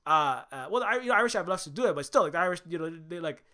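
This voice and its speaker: Man plays an aggrieved ex-guerrilla fighter, accusing, tone on the bright side. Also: sits high, expressive, very fast. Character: bitter middle-aged male ex-guerrilla fighter.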